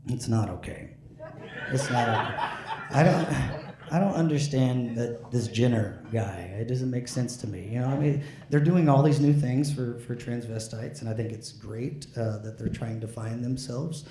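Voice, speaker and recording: A warm, mid-range male voice delivers a stand-up comedy routine after a few drinks, rambling and stopping to restart amid frequent fillers. There's slight background noise, and the room echoes with faint ambience.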